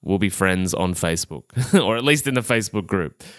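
A young Australian man hosts a solo health podcast in a low, resonant, expressive voice at a brisk pace. He's chatty, upbeat and self-amused with plenty of fillers, and the dry recording is clear and studio quality.

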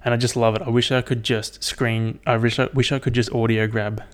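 A man's voice: medium pitch, flat delivery, fairly quick. A young man hosting a casual solo podcast, rambling and swearing with lots of fillers. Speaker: podcast host.

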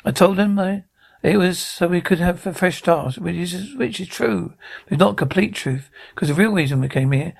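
A man's voice: high-pitched, moderate pace, creaky, husky, full character voice. An actor playing a guilt-ridden widowed father who rambles through an anxious, self-reproaching confession. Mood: despairing. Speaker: father of teenagers. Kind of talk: TV drama acting.

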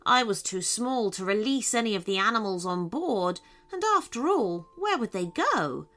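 A woman voicing a gentle, earnest little male lizard in a children's storybook reading, speaking softly. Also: mid-range voice, very animated, moderate pace.

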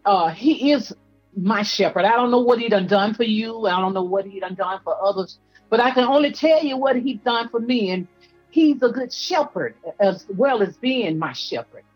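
A woman's voice: medium pitch, expressive, normal speed, breathy edge, lo-fi sound, soft background music. A woman preacher from Georgia, giving a fervent, rhythmic testimony with repetitions, her voice teary and breaking at times. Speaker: apostle, guest preacher.

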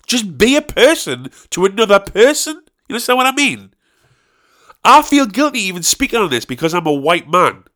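A man's voice: high voice, bright, forceful tone. A young man from the North of England with a Northern English accent, ranting casually and swearing, with many repeated restarts. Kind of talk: casual monologue.

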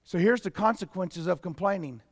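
Pastor, man, animated sermon delivery, high voice, reverberant hall. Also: fairly quick, clean studio sound. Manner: animated preaching, rising to shouts, reading scripture aloud.

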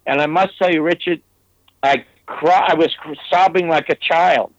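Older man, American, emphatic storyteller, fairly high voice, dry lo-fi recording. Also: moderate pace, no room sound. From United States. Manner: emphatic, digressive, with restarts. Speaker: interview guest, former TV producer. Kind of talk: anecdotal storytelling. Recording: dull, dry lo-fi audio.

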